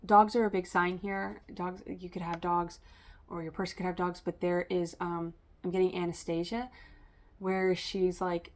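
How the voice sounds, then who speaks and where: A woman's voice: fairly low pitch, level tone, normal speed. A woman giving a casual spiritual tarot reading to camera, rambling and stream-of-consciousness with many fillers. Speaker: tarot reader.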